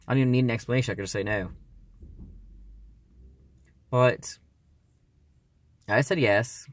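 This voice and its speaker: A man's voice: medium pitch, steady tone, normal speed, dry recording. A man in his early twenties talking casually in a personal vlog, rambling and hesitant with lots of fillers. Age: early 20s. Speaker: vlogger.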